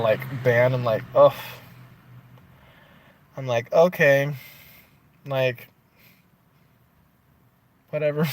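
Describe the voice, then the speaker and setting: Guy ranting to camera in his vlog, mid pitch, says like a lot, swears a bunch. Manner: chatty, animated, swearing, frequent "like". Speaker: vlogger. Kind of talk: casual rant to camera.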